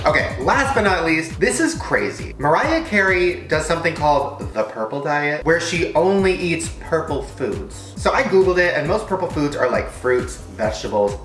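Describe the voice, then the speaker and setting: Animated young man, wildly swinging voice. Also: fairly high pitch, moderate pace, reverberant, soft background music. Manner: crude, exaggerated, wildly swinging delivery. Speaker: vlogger. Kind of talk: comedic food-tasting vlog.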